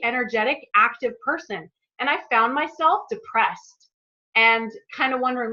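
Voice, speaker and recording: A woman's voice: fairly high pitch, moderate pace, bright, forceful tone, lo-fi sound. A woman talking casually to a group on a call, chatty and earnest, openly emotional as she shares her story. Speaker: product presenter.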